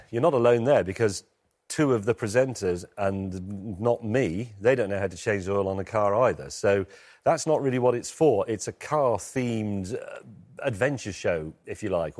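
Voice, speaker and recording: A man's voice: lowish voice, moderate pace, a little mellow. A British man speaking as an interview guest over a remote link, hesitant and full of fillers, with a dry, wry way of putting things. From Britain. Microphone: remote line from London.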